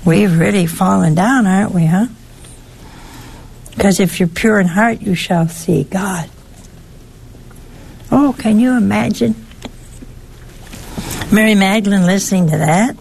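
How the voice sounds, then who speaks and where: A woman giving a conversational sermon in a folksy way, asking her listeners rhetorical questions and jumping up in pitch for emphasis. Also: animated, slow pace, vocal fry, pauses often, darkish tone, husky. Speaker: preacher.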